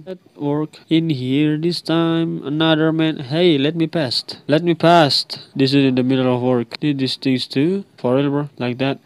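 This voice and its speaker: A man's voice: a little high, fairly even intonation, unhurried, darkish tone, smooth, no room sound. Chatty young man narrating a mobile game. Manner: chatty, talks to game characters, repeats himself. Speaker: gameplay commentator. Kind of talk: casual gameplay commentary.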